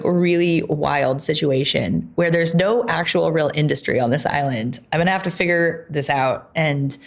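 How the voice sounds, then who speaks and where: A woman guest speaks in a slightly low voice, recounting her past in a casual, animated way. She laughs often and talks with lots of "like" and quick asides. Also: creaky. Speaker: podcast guest, founder. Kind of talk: casual interview chat.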